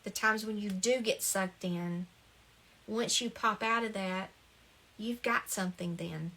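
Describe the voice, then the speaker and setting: A middle-aged woman in an informal talk on self-help, earnest and reassuring. She speaks at an ordinary mid pitch, circles back over her phrases, and keeps a light, encouraging tone. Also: measured pace, sharp tone. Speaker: spiritual talk host.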